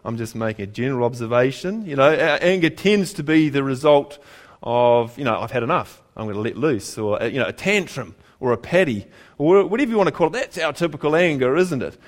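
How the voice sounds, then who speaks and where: A man's voice: mid-range voice, expressive, fairly quick. A man preaching a sermon in a conversational tone, asking the congregation rhetorical questions and repeating key phrases for emphasis.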